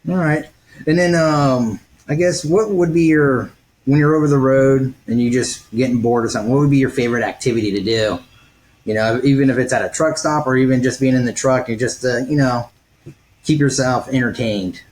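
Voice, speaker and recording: A man hosting a podcast, asking rambling questions full of fillers in a relaxed interview. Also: medium pitch, a little fast, low-quality recording. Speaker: podcast host.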